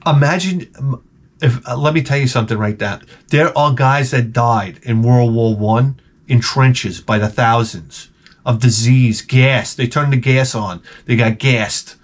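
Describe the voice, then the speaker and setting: A middle-aged man in a rambling vlog, his voice at an ordinary middle pitch. He tells stories in a loose, profane way and keeps breaking into loud, mock-outraged exclamations. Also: unhurried. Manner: excitable, profane, jokey, with sudden loud exclamations. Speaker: video game vlogger. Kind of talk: rambling casual storytelling.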